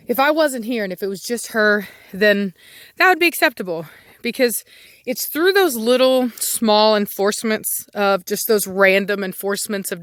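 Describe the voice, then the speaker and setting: A woman's voice: medium pitch, fairly bright tone, dry recording. A chatty woman vlogging outdoors on her land, talking through her dogs' habits in a loose, rambling way. She breaks off now and then to snap commands at the pack, and dogs can be heard behind her. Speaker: dog breeder. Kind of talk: casual vlog talk outdoors with dogs. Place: outdoors on rural property.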